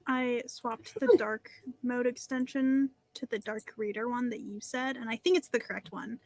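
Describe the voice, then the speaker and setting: A woman's voice: fairly high pitch, fairly even intonation, normal speed, a little mellow. Rambling woman on a stream call. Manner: rambling, explaining in fits and starts. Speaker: stream guest. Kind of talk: casual chat.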